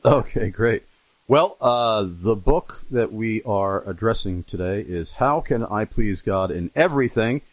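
A man's voice: lowish voice, animated, measured pace, no echo, rough recording. A man hosting an interview, chatty and announcer-like when reading out details. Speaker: interview host.

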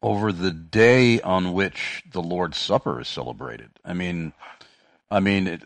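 A man's voice: deep voice, measured pace, creaky, no room sound. A man hosting a Christian talk radio show, talking with many fillers and restarts. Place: radio studio. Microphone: studio microphone.

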